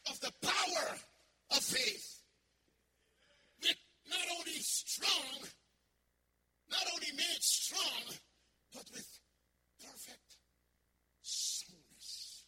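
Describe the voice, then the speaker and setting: A man preaching a sermon as a missionary. He speaks with fiery emphasis, calls out to the congregation and swings between shouting and hushed delivery. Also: very high voice, a little hiss or hum, rough recording. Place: church.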